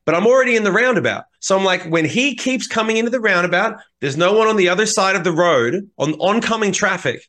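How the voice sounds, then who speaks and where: Animated, bright-voiced man telling stories. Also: sits high, quick pace, hardly any pauses. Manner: animated storyteller, swears freely, acts out quotes. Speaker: podcast co-host. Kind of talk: casual chat.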